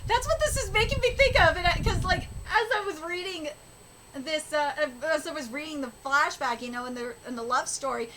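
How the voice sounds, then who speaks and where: A woman streaming a live reaction, reading aloud and breaking off to ramble in a halting way. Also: sits high, poor audio. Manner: rambling, halting, stops to comment. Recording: steady background noise.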